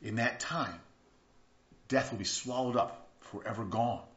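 A man preaching a sermon, earnest, moving between hushed passages and emphatic bursts and repeating words for emphasis. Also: medium pitch, measured pace. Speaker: pastor. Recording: echoey room, dull lo-fi sound.

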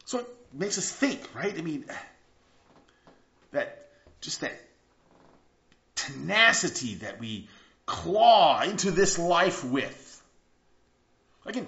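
A man preaching a sermon, earnest, moving between hushed passages and emphatic bursts and repeating words for emphasis. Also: high-pitched, big pitch swings, slow, vocal fry, pauses often. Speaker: pastor. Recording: echoey room, dull lo-fi sound.

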